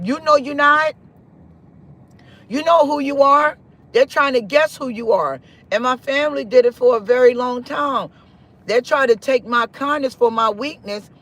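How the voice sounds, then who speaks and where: Guy in his 40s preaching on a livestream, really high voice, keeps hammering the same lines. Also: fairly bright tone. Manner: emphatic, preachy, repeats phrases. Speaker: live-stream host. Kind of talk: spiritual live-stream talk.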